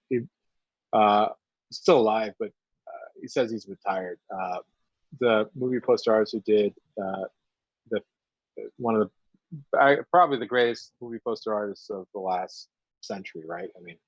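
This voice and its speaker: A man co-hosting a live painting stream, talking casually in halting, joking bursts full of uhs. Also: on the low side, dry recording, dull audio. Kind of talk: casual chat while painting.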